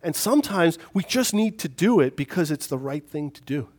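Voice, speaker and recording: A man gives a relaxed, talky sermon in a voice sitting a little above the usual male range. He speaks like he is chatting with the congregation, poking fun at himself as he tells a story from his own life. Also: a little high, normal speed. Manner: conversational, self-deprecating, chuckles at himself. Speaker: preacher.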